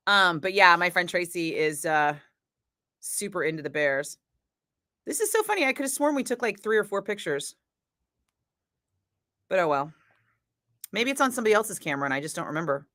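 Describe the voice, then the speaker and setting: A woman radio DJ chatting casually between on-air segments, telling stories in an animated way, laughing and swearing freely. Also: on the low side, fairly quick, long pauses, no echo. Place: radio studio.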